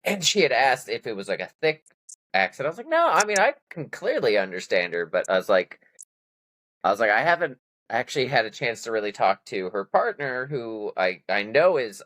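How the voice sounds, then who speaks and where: A man's voice: mid-range voice, very animated, fairly quick, pushed and bright, low-quality recording. A man hosting a podcast, chatting casually and rambling with many restarts. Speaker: podcast host. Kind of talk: casual chat.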